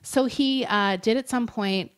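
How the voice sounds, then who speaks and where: A woman's voice: fairly high pitch, a little slow, clear, resonant tone. A woman co-hosting a podcast, telling a true-crime story in a casual, chatty way with many fillers and frequent laughs. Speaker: podcast co-host.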